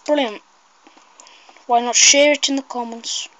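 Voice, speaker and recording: A woman giving casual, rambling gameplay commentary, excitable and shrieking at mishaps. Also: fairly high pitch, unhurried, no echo, rough recording.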